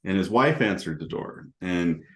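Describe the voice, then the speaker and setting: A man's voice: sits low, expressive, normal speed, a bit bright. A middle-aged man on a panel, telling casual anecdotes in an easygoing way and chuckling between points. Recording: roomy echo.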